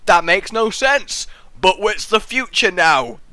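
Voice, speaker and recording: A young man hosting a gameplay video, rambling through excitable, goofy commentary and swearing freely. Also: high voice, slow, clean tone, no echo. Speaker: let's play host.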